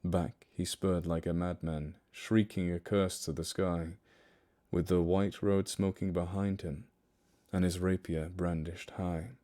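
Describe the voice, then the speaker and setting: Young man, low voice, hushed poem reading, slow, dramatic. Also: flat delivery. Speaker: livestream narrator.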